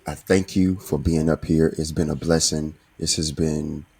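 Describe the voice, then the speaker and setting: A man's voice: little pitch movement, normal speed, a little mellow. A man hosting a recovery podcast, talking in an earnest, heartfelt way. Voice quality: very deep, husky. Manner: earnest, heartfelt, many restarts. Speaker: podcast host.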